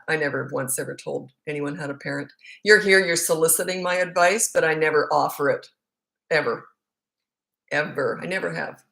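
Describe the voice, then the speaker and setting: A woman's voice: deep voice, fairly bright tone. A middle-aged woman, a parenting coach, answering viewer questions in a casual, blunt and frank way, repeating words for emphasis.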